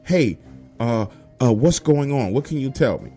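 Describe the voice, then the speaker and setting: A man's voice: medium pitch, animated, measured pace, mellow, faint music behind. A man voicing a worried young wife who asks what is going on.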